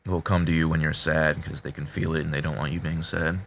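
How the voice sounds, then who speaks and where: A man talking casually to his subscribers, halting with many fillers and restarts, in a flat tone that can sound annoyed. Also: rumbling low, vocal fry, a little hiss or hum. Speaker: video creator talking to subscribers. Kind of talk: casual confessional talk to camera.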